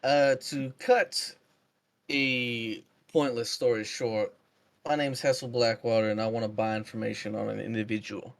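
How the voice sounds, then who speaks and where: A man's voice: mid-range voice, little pitch movement, moderate pace, creaky, no echo. A man speaking as a player in a tabletop game, casual and matter-of-fact.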